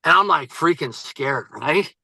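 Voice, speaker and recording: Bright, high-voiced man telling a story. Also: creaky, slightly rough, dry recording, low-quality recording. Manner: energetic, rapid-fire storyteller. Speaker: interview guest, business coach. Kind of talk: animated storytelling.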